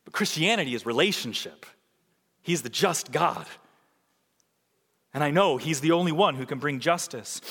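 A man preaching a sermon as pastor, swinging from loud emphatic peaks to hushed low passages. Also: expressive, moderate pace, pauses often, husky, big-room sound.

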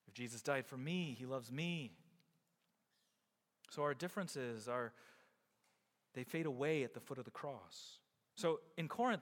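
A male pastor delivering a sermon to his congregation, with an emphatic delivery that swings between loud and soft. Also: a little high, big-room sound. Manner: emphatic, rising and falling preaching delivery.

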